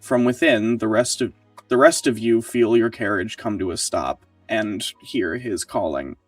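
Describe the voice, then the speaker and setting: A man's voice: on the low side, a little slow, no echo, soft background music. A man running a tabletop game as game master, reading out scene descriptions and laughing easily with his players.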